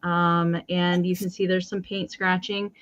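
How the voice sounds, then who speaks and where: A woman's voice: fairly low pitch, flat delivery, unhurried, fairly bright tone, lo-fi sound. A woman hosting a live online vintage sale, describing items and counting down bids in a chatty manner. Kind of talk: live auction selling.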